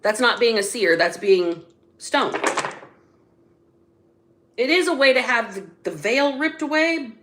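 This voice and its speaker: Slow, blunt woman reading tarot. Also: fairly high pitch, lively intonation, fairly bright tone, a little hiss or hum. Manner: blunt, slow and drawn out, with sudden emphatic bursts. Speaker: psychic tarot reader. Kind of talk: casual spiritual reading.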